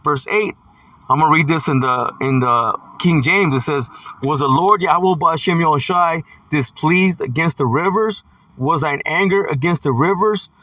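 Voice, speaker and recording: A man's voice: fairly high pitch, normal speed, sharp tone, no room sound, distant mic. A man preaching a scripture sermon, reading verses aloud and stressing points with "see" and "man". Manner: emphatic, punctuates with "see" and "man".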